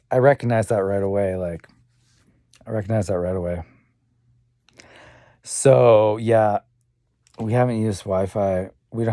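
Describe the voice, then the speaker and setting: A man's voice: on the low side, mellow, no room sound, clean studio sound. A young man talking in a rambling, repetitive personal monologue, swearing often and muttering asides. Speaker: vlogger.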